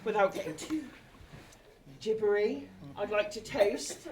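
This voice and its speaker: A woman's voice: mid-range voice, unhurried. A woman in her forties giving a wedding speech in a hall, emotional and a bit tipsy, laughing and apologising as she goes. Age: 40s. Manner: emotional, laughing through tears, apologetic asides. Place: large hall at a wedding reception. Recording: distant mic with a lively crowd.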